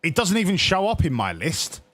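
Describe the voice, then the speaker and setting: A man's voice: high voice, huge pitch swings, a little fast, fairly bright tone, no room sound. A young man streaming a football management game, talking casually with viewers and cheering his players, swearing often. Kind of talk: casual live-stream commentary.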